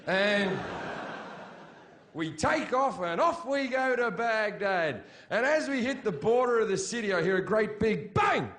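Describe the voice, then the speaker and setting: Brash stand-up comic, high voice. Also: male voice, big pitch swings, measured pace. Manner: crude, shouty punchlines with sudden yelled quotes. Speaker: stand-up comedian. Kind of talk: stand-up comedy storytelling. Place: comedy stage before a laughing audience.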